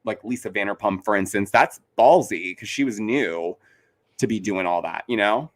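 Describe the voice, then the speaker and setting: A young man guesting on a casual recap chat, animated and playfully mocking as he talks. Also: on the low side, normal speed.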